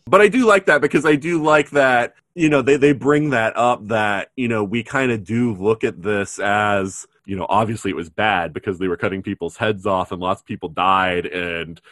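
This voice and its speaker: A man's voice: lowish voice, moderate pace, few pauses, a bit bright, no echo. Rambling man recapping casually. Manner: rambling, filler-heavy retelling with acted quotes. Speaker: podcast co-host recapping an episode. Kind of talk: casual chat.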